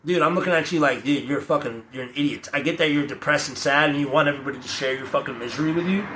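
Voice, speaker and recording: A man's voice: on the high side, rapid-fire. A young man giving a blunt, profane, off-the-cuff rant to camera, often mocking others by putting on their voices. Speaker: vlogger. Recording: echoey, with loud ambient noise.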